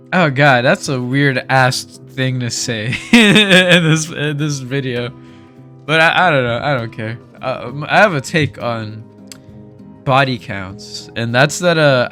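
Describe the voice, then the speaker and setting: A young man chatting casually over gameplay, speaking softly, rambling candidly and laughing often into a desk mic. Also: mid-range voice. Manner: speaks softly while recording. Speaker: gaming video creator. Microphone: desk microphone.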